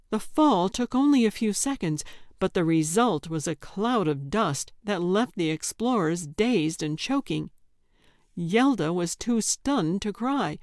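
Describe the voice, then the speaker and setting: A woman narrating an audiobook at a slow, unhurried pace, with measured and deliberate delivery. Her voice sits at a middle pitch. It is recorded on a close mic with a dry, dead sound. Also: darkish tone, dry recording.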